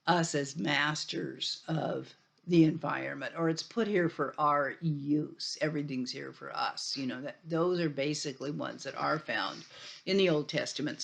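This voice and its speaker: A woman's voice: on the low side, creaky. A woman giving a university lecture in a conversational way, full of fillers, restarts and emphatic asides.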